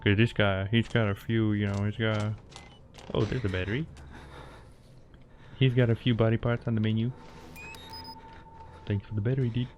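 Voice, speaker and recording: A man's voice: on the low side, flat delivery, normal speed, pauses often, a little mellow, slight background noise. A man streaming a horror game, joking playfully with his chat as he plays. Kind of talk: live gameplay commentary.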